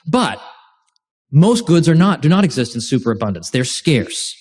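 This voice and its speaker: A man's voice: a little high, big pitch swings, moderate pace, darkish tone, breathy edge. A man giving an informal lecture to a class as host, speaking with animation, making joking asides and often restarting his sentences. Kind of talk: informal university-style lecture. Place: lecture room with a live class.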